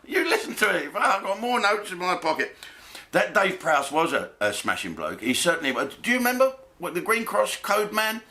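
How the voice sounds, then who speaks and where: A man's voice: high voice, wildly swooping pitch, moderate pace, sharp tone. A man, doing a blokey, jokey comic monologue full of swearing and asides. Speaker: comedian host.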